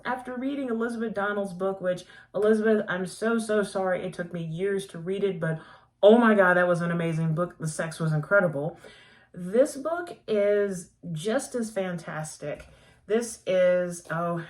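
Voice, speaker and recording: Woman, book reviewer, low-ish voice, enthusiastic and chatty, laughs a lot. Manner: gushing, chatty, quick to laugh. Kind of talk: casual book review chat.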